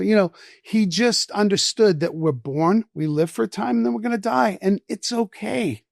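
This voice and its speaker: Man, 60s, podcast guest: slightly high voice, dry close sound, animated storyteller. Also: moderate pace, gravelly, hardly any pauses, no echo. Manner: animated, profane anecdotes with quoted voices. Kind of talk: storytelling in casual conversation.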